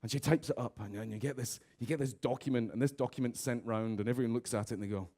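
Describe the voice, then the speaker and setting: A man giving a comic conference keynote, lively, slipping into raised voices to mimic office characters. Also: mid-range voice, fast, hardly any pauses. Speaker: conference speaker. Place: conference stage.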